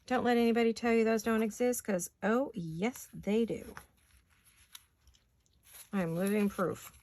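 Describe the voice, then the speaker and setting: A woman vlogger, raspy from allergies, chatting casually and talking to herself as she makes paper crafts in her home studio. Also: on the high side, steady tone, unhurried, a little mellow. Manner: chatty, talks to herself while working.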